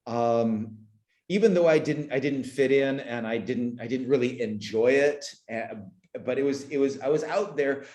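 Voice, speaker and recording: A man's voice: medium pitch, moderate pace, a little mellow, roomy sound. A man in his forties from Canada, a podcast guest talking reflectively and emotionally, often repeating words and restarting sentences, at times choked up. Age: 40s. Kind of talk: reflective conversational interview.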